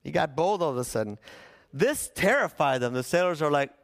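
A man's voice: a little high, lively intonation, brisk. A middle-aged man, a pastor, preaching a sermon in a conversational storytelling way with acted-out quotes.

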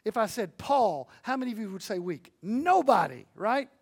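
Guy preaching, high pitched, folksy stories, gets quiet then loud. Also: normal speed, creaky, slightly rough. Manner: earnest and animated, swings between hushed and loud; folksy storytelling with audience asides. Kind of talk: sermon on evangelism.

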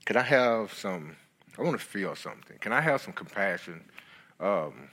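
Man, middle-aged, guest preacher, earnest testimony, halting delivery, lowish voice. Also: sing-song, a bit bright. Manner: halting, earnest storytelling with many restarts. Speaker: guest speaker. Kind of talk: sermon testimony.

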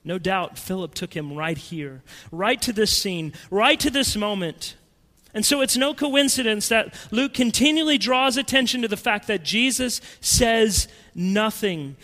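A man preaching a sermon in a dramatic, emphatic way, swinging between loud and hushed. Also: high-pitched, lively intonation, a little slow, in a large hall.

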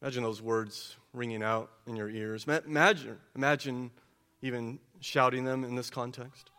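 A man preaching an expository sermon, asking rhetorical questions and dropping low and quiet for emphasis. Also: steady tone, normal speed, smooth. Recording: long hall reverb.

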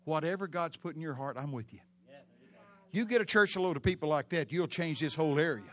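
A pastor preaching a sermon in a church, telling stories with animated, loud bursts. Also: male voice, a little high, brisk.

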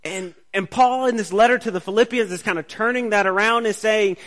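A man with a slightly high voice delivers a sermon in a relaxed, conversational manner. He keeps checking in with his listeners by asking "right?", restarts his phrases, and moves between quiet reflection and emphatic points. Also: brisk. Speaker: preacher.

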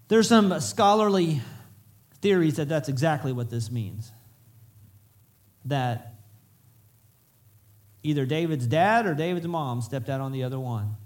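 Animated preacher, higher voice. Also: male voice, unhurried, pauses often. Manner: animated, conversational preaching with many restarts. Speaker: pastor. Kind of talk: sermon. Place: church sanctuary.

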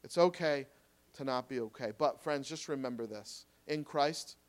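A man preaching a sermon, pleading earnestly and swinging between loud urging and soft, quiet reassurance. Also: medium pitch, moderate pace. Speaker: pastor.

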